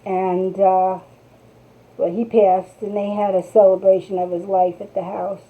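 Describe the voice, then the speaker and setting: A woman's voice: mid-range voice, level tone, measured pace. A middle-aged woman with a North New Jersey accent, chatting in a rambling way as she hosts a craft tutorial and speaks to viewers. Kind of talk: casual chat while crafting. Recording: tinny phone-like sound.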